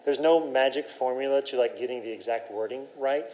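A man's voice: medium pitch, a little fast, a little mellow, a little hiss or hum, poor audio. A man teaching a Bible class, asking questions and talking in a loose, conversational way with fillers.

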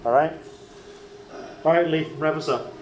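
A man's voice: a little high, unhurried, slight background noise. A man with a Southern US accent leading a Bible study class in a church classroom, explaining earnestly and asking questions. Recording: roomy room echo.

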